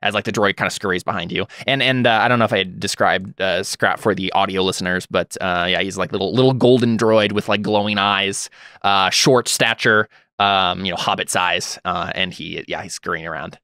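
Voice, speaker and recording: A man narrating as game master of a tabletop role-playing game, talking in a halting way with many fillers and restarts. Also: low voice, fairly even intonation, bright, forceful tone, clean tone, dry recording, studio quality.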